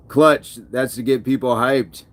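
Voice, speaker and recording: A man's voice: medium pitch, a bit bright. A man hosting a casual fitness livestream, reading viewer comments aloud between push-ups and laughing often. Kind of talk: casual live-stream chat.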